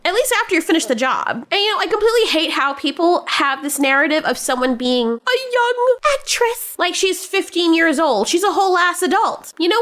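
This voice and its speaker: Blunt, high-voiced woman ranting. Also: fairly bright tone. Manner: blunt, sarcastic and profane. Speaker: commentary channel host. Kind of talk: opinion commentary vlog.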